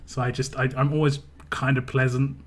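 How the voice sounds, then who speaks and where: A man's voice: medium pitch, flat delivery, fairly quick, soft background music. Laid-back English man chatting on stream. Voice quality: big, laid-back presence. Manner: rambling storytelling, frequent restarts and chuckles. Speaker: game livestreamer. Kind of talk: casual stream chat.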